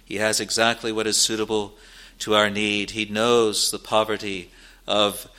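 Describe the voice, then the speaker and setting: A male preacher delivering a sermon at a slow, deliberate pace. His voice is bright and forceful, and he leans into key phrases with rising emphasis. The delivery is earnest, with steady pauses between phrases. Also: lowish voice, smooth.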